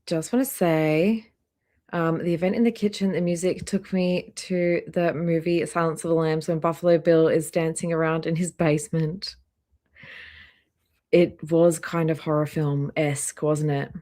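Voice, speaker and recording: A woman hosting a casual live stream, chatty and greeting viewers by name one after another, a little hoarse, talking into a laptop microphone indoors. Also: deep voice, steady tone, measured pace, dark tone. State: slightly hoarse, clearing throat. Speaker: livestream host. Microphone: laptop microphone near trackpad.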